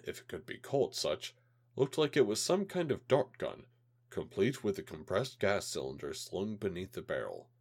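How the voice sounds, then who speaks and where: Deep-voiced man narrating a sci-fi story. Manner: lively, dramatic storytelling. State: slightly ill. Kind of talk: amateur audiobook reading of sci-fi story.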